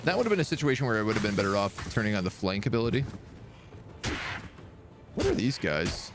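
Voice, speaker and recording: Lively casual male game streamer. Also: fairly low pitch, brisk, background noise. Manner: casual, reads game text aloud. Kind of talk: live gameplay commentary.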